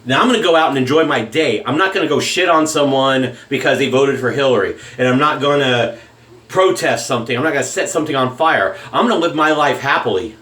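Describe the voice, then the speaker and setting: A man's voice: mid-range voice, fairly quick, a bit bright. A man delivering a heated, profane rant in a shaving vlog. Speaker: shaving vlogger. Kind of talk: angry political rant. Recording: echoey room.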